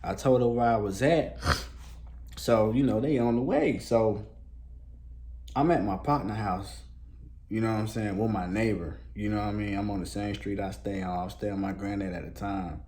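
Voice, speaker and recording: Low-voiced man telling a story. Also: normal speed, warm tone. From Columbus, Georgia, US. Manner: loose, profane street slang, many fillers. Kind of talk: casual storytime monologue.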